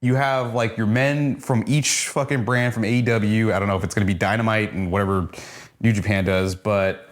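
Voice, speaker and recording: A man co-hosting a casual wrestling review, talking in a laid-back, swearing way as he pitches ideas. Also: fairly even intonation, normal speed. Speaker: podcast co-host.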